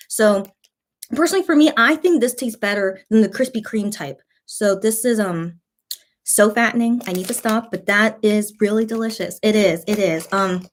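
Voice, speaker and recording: A young woman vlogger chatting casually while eating on a live stream, full of fillers and reading viewer comments aloud. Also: medium pitch. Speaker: mukbang vlogger.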